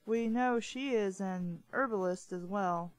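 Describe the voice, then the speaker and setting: A woman reading the lines of a charming, smooth-talking upper-class English gentleman from a novel, in a polite, persuasive manner. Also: mid-range voice, a little slow, no echo, lightly acted, poor audio.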